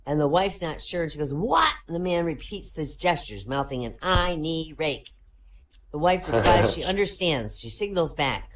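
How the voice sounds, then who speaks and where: A woman's voice: low-pitched, brisk, few pauses. A woman hosting a comedy show, telling jokes and giving the characters their own voices. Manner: lively joke-telling, voices characters in quotes.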